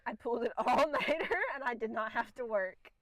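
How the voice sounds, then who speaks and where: Young woman, podcast co-host, casual book chat, fairly high voice, stammers, giggles. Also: moderate pace, poor audio.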